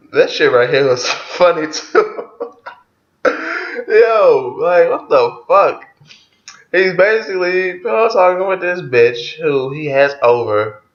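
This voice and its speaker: A man giving a loose, profane, casual track-by-track review of an album, chuckling often as he talks. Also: a little high. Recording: roomy, dull lo-fi recording.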